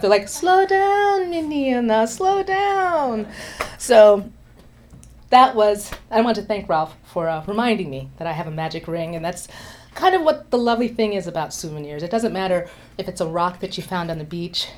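A woman telling a personal travel story in an animated way, acting out voices and laughing along. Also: on the low side. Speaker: storyteller sharing a travel memory.

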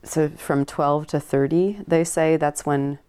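A woman's voice: low voice, steady tone, slow, dark tone, smooth. A woman co-hosting a podcast, talking casually and chatting with frequent agreeing murmurs. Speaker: podcast co-host. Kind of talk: casual conversation.

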